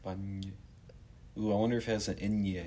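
A man with a low, slightly husky voice co-hosting a casual podcast. He mostly answers with short murmurs and quick, playful guesses. The talk is loose and conversational. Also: flat delivery, warm tone. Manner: short reactive backchannels and joking guesses. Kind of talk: casual chat.

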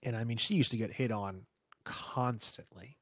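A man's voice: medium pitch, normal speed, no echo, studio quality. A man hosting a podcast, telling wild workplace stories in casual, profane chat. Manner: profane, animated storyteller. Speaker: podcast host.

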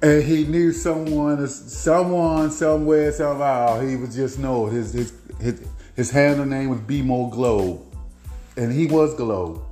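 A man hosting his own show, telling family stories in a rambling, animated way with frequent laughs. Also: mid-range voice, takes it slowly, reverberant, soft background music. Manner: rambling, animated, laughs often, repeats himself. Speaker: podcast host and author. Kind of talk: casual personal storytelling.

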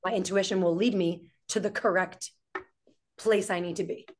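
A woman guest on a podcast, an entrepreneur and singer, telling stories in a lively, casual way with lots of "like.". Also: lowish voice, moderate pace, slight background noise. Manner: animated storyteller with frequent "like". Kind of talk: casual conversation.

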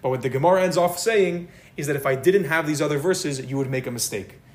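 A man leads an informal Talmud lesson in a conversational way. His voice sits a little high, and he stacks repeated words when he stresses a point. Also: fast. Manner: casual, repeats words for emphasis. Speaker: Talmud class teacher.

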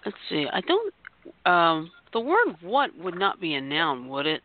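Over tinny phone-line audio with no room sound, a host runs a party word game on a podcast, chatty and giggly, calling on each player by name. The voice is medium-pitched and unhurried, with wildly swooping pitch.

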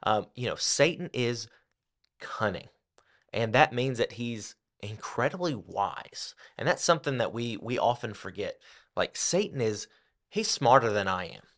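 A man's voice: mid-range voice, animated, measured pace, a bit bright. A man co-hosting a Bible teaching podcast, explaining casually and peppering his speech with "like". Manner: casual explaining with many "like" fillers. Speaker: podcast co-host.

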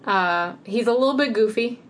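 A woman co-hosting a podcast in casual chat, talking in quick, filler-heavy bursts. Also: a little high, a little hiss or hum. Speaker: podcast co-host.

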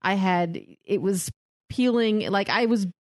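A woman's voice: medium pitch, a little slow, no room sound, studio quality. A woman co-hosting a podcast, chatting casually with crude jokes and frequent laughter. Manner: crude, joking, laughing often. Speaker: podcast co-host. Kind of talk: casual chat.

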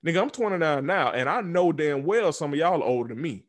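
Young guy in his 20s going off about politics, cussing a lot, kinda high voice, drops low then gets loud. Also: expressive, fast talker. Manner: blunt, profane, swings from low mutters to loud laughing outbursts. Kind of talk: casual political rant. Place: southern United States.

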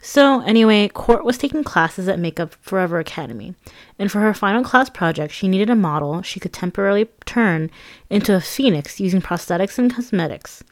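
A woman reading her own memoir aloud as an audiobook, in a conversational, lively and self-mocking way. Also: mid-range voice, a little fast.

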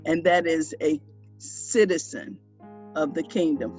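A minister on a broadcast, preaching and leading listeners through a salvation prayer in a measured, prayerful way. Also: medium pitch, music in the background. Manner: slow, measured, prayerful delivery.

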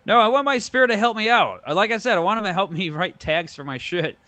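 A man's voice: high-pitched, animated, quick pace, pushed and bright, dry recording. A man co-hosting a podcast in casual comedic chat, crude and joking, riffing on silly bits. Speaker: podcast co-host.

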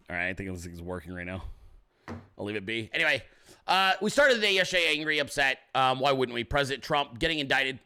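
A man's voice: mid-range voice, expressive, brisk, pushed and bright, clear, resonant tone. A male podcast host delivering a brash, sarcastic political monologue. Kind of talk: political talk show monologue.

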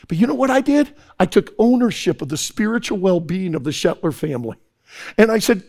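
Man preaching hard to a youth crowd, high voice swooping all over, gravelly edges. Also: huge pitch swings, a little fast. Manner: impassioned, swings from hushed to shouting. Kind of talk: sermon to a youth audience.

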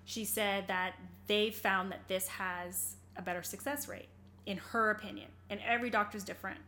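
A woman's voice: mid-range voice, steady tone, moderate pace, bright, forceful tone, a little hiss or hum. Earnest young woman telling her story. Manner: earnest, rambling, with many fillers and restarts. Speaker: interview guest. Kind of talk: candid personal storytelling in conversation.

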